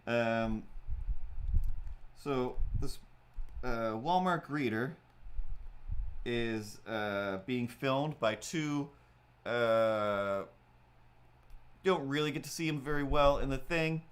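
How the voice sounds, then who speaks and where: While drawing on his livestream, a man rambles in easygoing chatter full of fillers. He has a medium-pitched voice, takes things slowly, and leaves long pauses.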